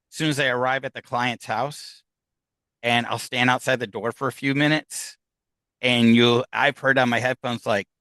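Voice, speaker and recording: An American man who investigates the paranormal chats casually in an interview, rambling with many restarts and fillers. His medium-pitched voice is pushed and bright, recorded dry.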